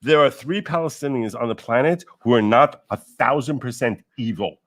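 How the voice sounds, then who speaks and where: A man co-hosting a drunken livestream, ranting loudly and swinging between shouts and mutters. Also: medium pitch, normal speed. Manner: ranting, loud, swinging wildly up and down. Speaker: co-host.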